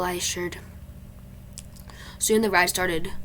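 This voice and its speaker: A woman's voice: sits low, steady tone, fairly quick, a little hiss or hum. A woman reading her own story aloud in first person, plain and unpolished with some restarts. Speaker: author reading own book.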